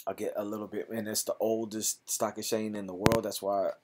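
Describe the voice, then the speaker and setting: A man's voice: fairly low pitch, flat delivery, brisk, very noisy. A man hosting an investing channel who reads company facts and figures aloud in clipped phrases, then chats loosely about whether to buy. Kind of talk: casual stock-analysis commentary.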